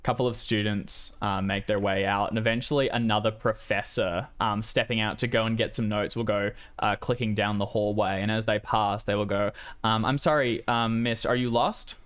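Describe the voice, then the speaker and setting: A man's voice: lowish voice, level tone, moderate pace, few pauses, a bit bright, clear, resonant tone. A man running a tabletop game as game master, narrating casually with many fillers.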